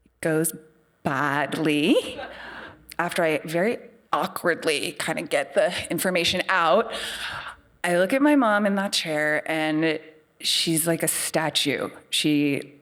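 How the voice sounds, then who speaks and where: This middle-aged woman, a psychiatrist, shares a story from her own life live on stage to a theater crowd. Her voice sits low with a fairly bright tone, and her slow, candid delivery is self-deprecating and chatty.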